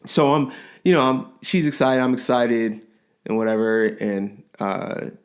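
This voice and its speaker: 40s guy cohosting a podcast, animated storyteller, lots of restarts and laughs. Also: mid-range voice, unhurried. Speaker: podcast co-host. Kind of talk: casual storytelling chat.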